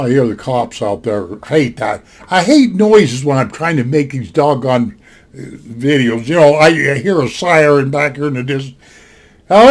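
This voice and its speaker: A man in his seventies telling a true story from his army days in a folksy, rambling way at home on a desktop microphone. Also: high-pitched. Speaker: storyteller vlogger. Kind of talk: casual spoken storytelling. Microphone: desktop computer mic.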